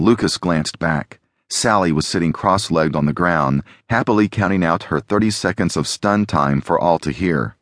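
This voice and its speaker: A man reading a novel aloud as an audiobook narrator, in a steady, even storytelling manner. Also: low voice, normal speed, no echo, studio quality.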